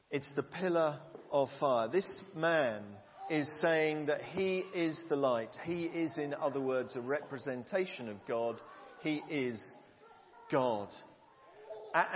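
A man's voice: a little high, a little hiss or hum. A man preaching a sermon to a congregation, earnest and conversational, asking the room questions. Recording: long hall reverb, dull lo-fi sound.

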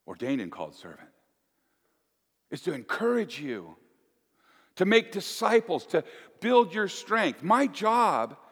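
A male pastor giving a folksy, animated sermon with playful asides to the congregation. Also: a little high. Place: church. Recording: echoey church hall.

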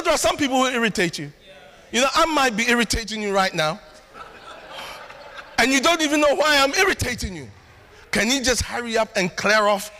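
A man preaching a sermon as pastor, animated and storytelling with acted asides. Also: very high voice. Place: church hall. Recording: long hall reverb.

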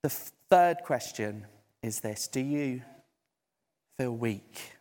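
A man preaching a conversational sermon in a church hall, lively and emphatic. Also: medium pitch, takes it slowly. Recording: echoey hall.

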